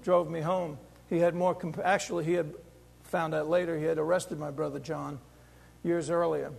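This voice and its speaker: An older man giving a halting, emotional personal testimony with many restarts. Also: high-pitched, vocal fry, long reverb tail. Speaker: storyteller.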